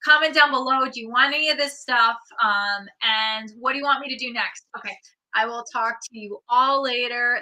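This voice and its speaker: A woman's voice: fairly high pitch, bright, forceful tone, poor audio. A woman hosting a casual livestream, chatting and giggling as she reads out viewer comments and answers them. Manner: giggly, rambling with many likes. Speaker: streamer hosting a live chat.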